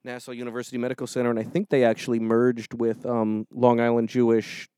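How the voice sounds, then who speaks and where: Brief: mid-pitched male lawyer guest, loose anecdotes, chuckles as he talks, dry sound. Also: level tone, quick pace, mellow, smooth, dry recording. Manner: rambling storyteller, laughs mid-sentence. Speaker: criminal defense attorney and show regular. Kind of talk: casual podcast chat.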